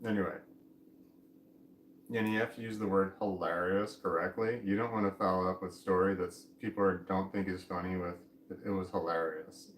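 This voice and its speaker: A man's voice: low voice, fairly even intonation, fairly quick, a little hiss or hum. A middle-aged man talking to a distant camera at home in a meandering, self-interrupting way, chuckling now and then. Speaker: vlogger. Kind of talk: rambling casual monologue. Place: home room. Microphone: camera mic at a distance. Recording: roomy home recording, faint ambience.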